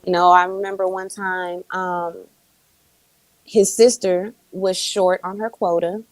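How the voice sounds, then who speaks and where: A woman's voice: fairly low pitch, little pitch movement, takes it slowly, dry recording, low-quality recording. A woman guest telling her account in casual chat, explaining steadily with frequent fillers. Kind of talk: casual storytelling.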